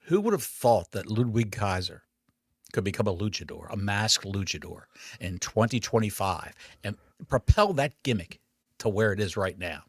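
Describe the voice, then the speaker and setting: A man co-hosts a wrestling podcast in an excitable, joking way. His voice sits at a middling pitch but swings lively up and down. The recording is dry and close. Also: normal speed, slightly rough, no echo. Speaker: podcast co-host. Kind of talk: casual chat.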